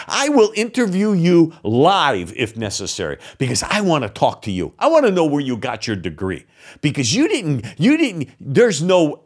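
A man hosting an opinion commentary show, sarcastic and exasperated, mocking what he reads out with scoffing laughs. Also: mid-range voice. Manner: indignant, exasperated. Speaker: political commentary host.

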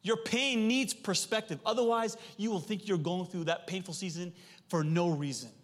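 A high-voiced man in his thirties preaches to his church, telling stories with animated energy and asking the crowd to answer him. His voice rings out with a long echo through a big hall. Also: normal speed. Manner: animated storytelling, calls for audience response. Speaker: pastor. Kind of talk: sermon.

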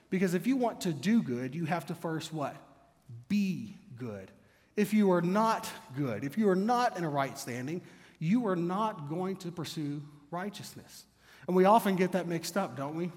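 A man's voice: on the high side, a little mellow. A man preaching a sermon, teaching by posing rhetorical questions and answering them himself. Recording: long reverb of a church hall.

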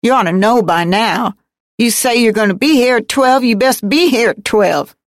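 A woman's voice: a little high, moderate pace, no echo, studio quality, close to an everyday voice. A woman reading a book aloud, voicing a grumpy, bossy middle-aged man who chides and talks slangy and defiant. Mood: scolding.

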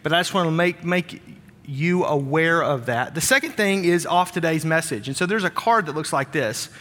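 A man's voice: on the high side, normal speed, pushed and bright. A man serving as senior pastor, delivering a sermon with announcements, upbeat and joking with the congregation in a large church auditorium. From Wisconsin. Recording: long hall reverb.

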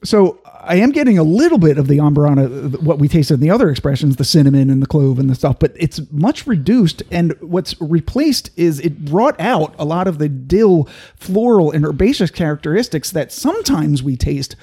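A man with a high, husky voice hosts a relaxed tasting chat. His tone is mellow and warm as he reads tasting notes and jokes along. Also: normal speed. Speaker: podcast host.

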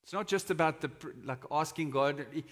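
Male pastor, fairly high bright voice, chatty sermon, lingering hall reverb. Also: brisk. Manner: conversational, dramatizes quotes with shouting. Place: church hall. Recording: long reverb of a church hall.

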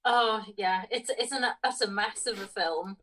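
A woman's voice: medium pitch, a little slow, a bit bright. A woman co-hosting a podcast, reading out film trivia in a matter-of-fact way. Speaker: podcast co-host. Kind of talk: casual film podcast chat. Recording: voice a bit distant from mic.

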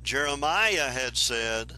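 A man teaching the Bible verse by verse in an unhurried, explanatory way, reading passages aloud and then commenting on them. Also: medium pitch, expressive, bright, forceful tone, faint music behind.

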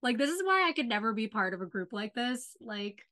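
A woman's voice: on the high side, very animated, fairly quick, bright, forceful tone. A woman co-hosting a podcast, recapping a TV episode in an enthusiastic, casual chat full of "like" fillers. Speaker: podcast co-host.

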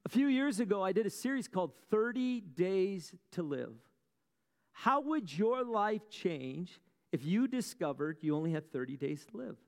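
Expressive and somewhat high-pitched, a pastor's voice rings with a long echo as he preaches a sermon in a big church hall. He uses dramatic pauses while storytelling, raises rhetorical questions, and slips in wry asides for the congregation.

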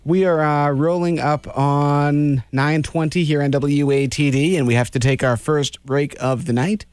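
A man's voice: on the high side, fairly even intonation, unhurried, a little mellow, smooth, no echo. Guy hosting a local radio show, chill, reading the plugs, dry close sound. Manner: easygoing, reads station plugs. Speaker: radio host. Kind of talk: radio interview and station announcements. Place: small radio studio.

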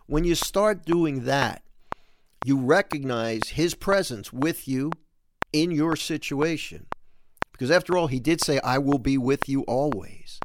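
Animated man talking scripture, noisy line. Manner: earnest and animated, acts out quoted lines with raised pitch. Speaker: host. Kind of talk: catholic radio talk reflecting on scripture.

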